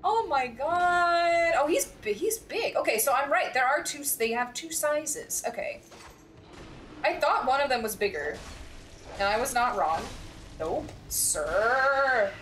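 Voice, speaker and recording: A young woman streaming a horror game, reacting loudly with lots of swearing and jumpy outbursts. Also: on the high side, animated, measured pace, slight background noise. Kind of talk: live game commentary.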